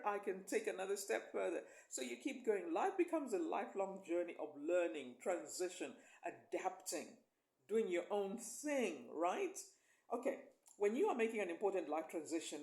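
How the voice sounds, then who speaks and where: A woman coach speaks straight to camera in an emphatic, coaxing way, her pitch swinging widely as she presses each point. She keeps drawing the listener in with quick check-ins. The sound carries a noticeable echo from the room. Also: mellow. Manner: emphatic, coaxing, often asks "right?". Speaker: life and visibility coach. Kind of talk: motivational talk to camera.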